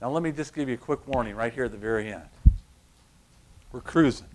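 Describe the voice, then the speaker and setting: A middle-aged male pastor preaching a sermon, telling stories with lively acted-out voices and loud, emphatic peaks. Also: medium pitch, brisk. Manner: animated storytelling, acting out voices, rising to loud emphasis.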